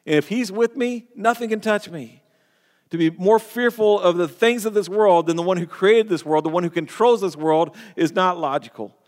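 A man with a slightly high voice delivers an earnest sermon from the pulpit. He stumbles and restarts phrases as he presses his points. The sound carries a long hall reverb. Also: moderate pace, a little mellow. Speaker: pastor.

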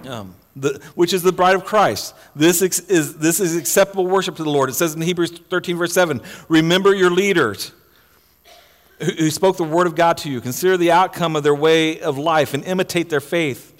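A man's voice: fairly high pitch, normal speed, big-room sound. A male pastor preaching a sermon in a church, emphatic, often repeating words and restarting phrases. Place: church sanctuary.

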